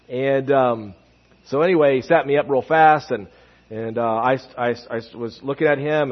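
Male preacher, slightly high voice, lively storyteller; muffled, echoing church sound. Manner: animated storyteller acting out quotes. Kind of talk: sermon with storytelling. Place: church sanctuary.

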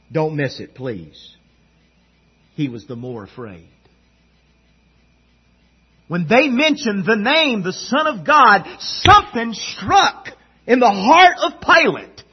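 A man preaching a sermon with a dramatic delivery, swinging between loud emphasis and hushed low tones. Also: husky. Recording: dull lo-fi sound.

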